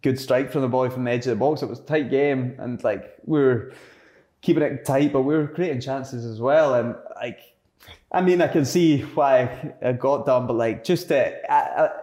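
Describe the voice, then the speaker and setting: Man, scottish accent, young adult, casual interview chat, rambling with fillers, mid-pitched voice. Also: normal speed, warm tone. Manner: rambling, lots of fillers and self-corrections. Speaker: interview guest, footballer.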